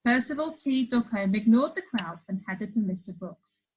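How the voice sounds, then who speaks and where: Lively woman reading a children's story. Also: on the high side, normal speed, slightly rough, low-quality recording. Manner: lively, playful storytelling with asides. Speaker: storybook reader.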